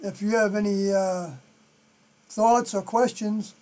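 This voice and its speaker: A live stream host with a New York accent, thinking aloud through scripture commentary and often trailing off softly. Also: mid-range voice, steady tone, takes it slowly.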